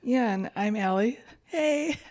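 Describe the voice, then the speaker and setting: A woman's voice: fairly high pitch, lively intonation, slow, a little mellow. A woman co-hosting a podcast, chiming in with short, teasing replies. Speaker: podcast co-host. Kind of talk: casual podcast chat.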